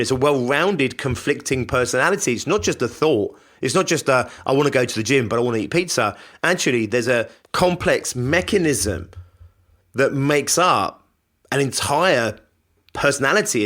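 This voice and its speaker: A podcast host with a medium-pitched, slightly bright voice gives a conversational, reflective self-help monologue, repeating phrases to emphasize his points.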